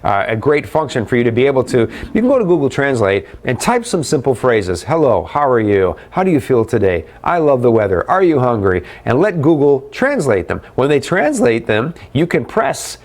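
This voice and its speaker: A man's voice: mid-range voice, big pitch swings, moderate pace, few pauses, a little mellow. A middle-aged man hosting a live webcast, chatty and upbeat as he answers viewer questions and calls them guys.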